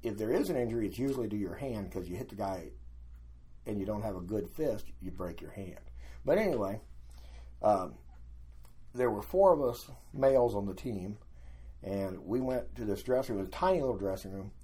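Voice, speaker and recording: An older man with a low, husky voice spins a casual story as a guest. He tells his anecdotes with energy and slips into the voices of the people in them. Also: brisk. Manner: animated anecdotes, acting out quoted voices.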